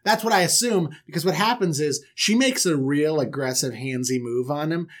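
A man's voice: fairly high pitch, normal speed. A man comically retelling a Bible story on a podcast, slipping into silly voices. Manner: animated, puts on silly voices for characters.

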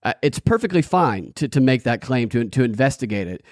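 A man's voice: mid-range voice, sing-song, a little fast, a little mellow, no room sound, clean studio sound. A man hosting a casual podcast, wry and rambling as he reads out viewer comments. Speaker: podcast host.

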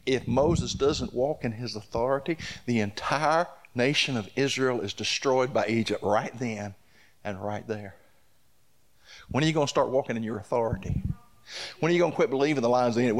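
A man's voice: mid-range voice, fairly quick. A male pastor preaching a sermon, building to repeated declarations and telling stories with quoted dialogue.

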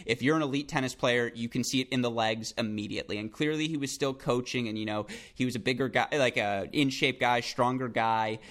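Excitable rambling male podcast host. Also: mid-range voice, a little fast, few pauses. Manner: excitable, animated, rambling with quoted voices. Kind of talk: casual podcast chat and storytelling.

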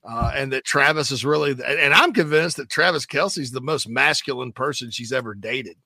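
A man's voice: mid-range voice, bright, forceful tone, no room sound. A man hosting a sports talk show, chatting casually in a joking, rambling way. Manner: joking, rambling, quick asides. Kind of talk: casual chat.

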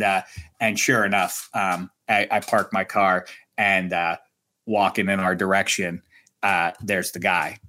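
A middle-aged man co-hosting a sports talk show, telling a story in an animated, self-mocking way. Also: lowish voice. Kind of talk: sports radio banter.

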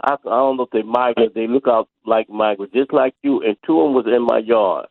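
A man's voice: mid-range voice, a little fast, gravelly, no echo. A man calls in to a talk radio show and rambles along, plainspoken and hesitant. His voice comes through a tinny, phone-like line. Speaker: caller. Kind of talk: call-in radio chat.

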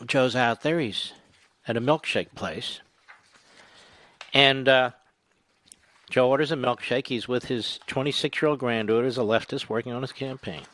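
A man's voice: mid-range voice, moderate pace, pauses often, a bit bright. A middle-aged man hosting a political talk radio show, delivering a mocking, sarcastic monologue.

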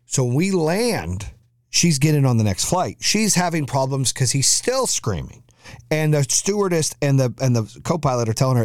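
A podcast host with an expressive, darkish mid-range voice tells a chaotic family travel story at normal speed, full of cursing and acted-out quotes. The storytelling monologue has studio quality with no room sound.

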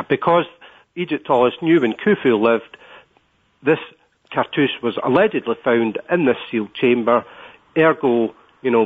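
A man with a Scottish accent, a guest on an interview, explaining at length and pausing often with filler words. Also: medium pitch. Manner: hesitant, many filler words. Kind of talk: interview over the phone. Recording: tinny phone line.

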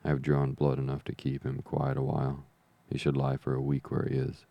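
A man's voice: a bass voice, monotone, brisk, vocal fry, no room sound, lo-fi sound, full character voice. A man reading as a stern country doctor. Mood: firm. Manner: firm, warning tone.

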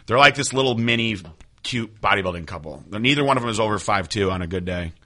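Young male podcast host, quick bright delivery, dry close sound, animated storyteller. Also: on the low side, dry recording. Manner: fast, animated storyteller who acts out quotes with laughs. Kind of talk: casual chat.

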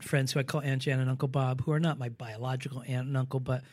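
A man in his sixties, a stage actor, telling animated stories in a casual interview and acting out the voices of people he quotes. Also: medium pitch, quick pace. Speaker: guest actor.

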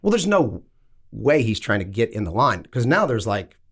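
Male co-host, mid-pitched, very expressive storyteller who acts out quotes and swears freely. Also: moderate pace, husky. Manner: animated, profane, acts out dialogue. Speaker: podcast co-host. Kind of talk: casual storytelling chat.

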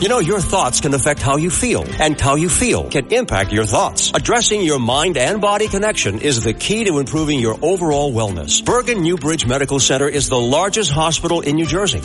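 A man reading a radio advertisement in a smooth, polished announcer manner. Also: on the high side, fairly bright tone. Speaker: commercial announcer.

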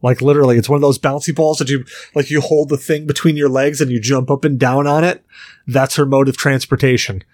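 A man's voice: medium pitch, steady tone, brisk, a little mellow, dry recording, clean studio sound. A man hosting a podcast, chatting casually and telling jokey stories. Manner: loose, joking, storytelling. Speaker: podcast host.

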